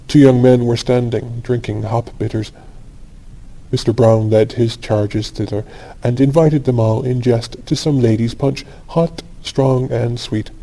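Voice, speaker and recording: A man reads a classic story aloud for sleep, calm and unhurried. His voice is mellow and warm, at a middle pitch, and he keeps it even and steady. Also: low-quality recording. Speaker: audiobook narrator.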